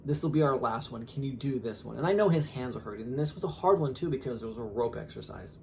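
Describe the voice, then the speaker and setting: A man in his thirties, a father, telling a story casually on a podcast in an animated way with lots of fillers. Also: medium pitch, fast talker, vocal fry, a little hiss or hum. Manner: animated, laughing, lots of fillers and quoted asides.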